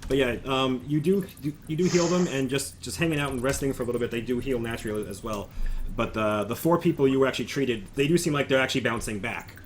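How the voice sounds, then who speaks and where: Guy gm running a tabletop session, rambly and playful, avg pitch, noisy hiss behind. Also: quick pace. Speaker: game master.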